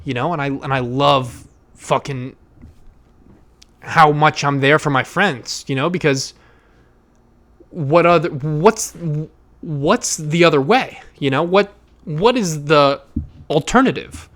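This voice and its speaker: A young man hosting his own podcast, talking loudly and emotionally in a rambling way, with fillers and swearing. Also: a little high, slow pace, pauses often. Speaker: podcast host. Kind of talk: casual solo podcast monologue.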